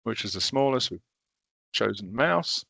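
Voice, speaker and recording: A man leading a recorded training session, walking through teaching software step by step in a casual, self-deprecating way. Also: lowish voice, animated, a little slow, vocal fry, dry recording.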